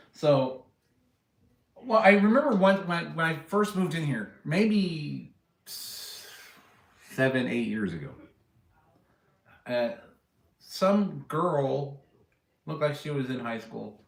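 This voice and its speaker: A man's voice: fairly high pitch, fairly bright tone, echoey room. A man hosting a casual livestream, rambling and joking with viewers and laughing at his own stories. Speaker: livestream host chatting with viewers. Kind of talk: casual rambling live chat.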